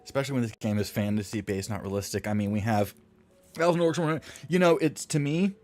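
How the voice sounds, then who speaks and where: A man's voice: mid-range voice, brisk, a little mellow, soft background music. A man streaming his game-modding work, chatting casually and joking with viewers while he edits textures. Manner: rambling, joking, talks to chat while editing. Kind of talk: casual live-stream chat while working.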